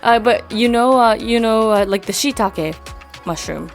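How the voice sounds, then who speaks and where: A young woman who grew up in Japan appears as a musician guest in an interview, chatting casually and telling animated stories full of fillers. Her voice is fairly high and unhurried, with soft music playing in the background.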